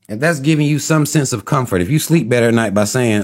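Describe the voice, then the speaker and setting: A man chats loosely to his livestream viewers and reads out their comments. He laughs often and teases in a mocking, rambling way. His voice sits at an ordinary middle pitch. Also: a little fast, darkish tone. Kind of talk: casual livestream chat.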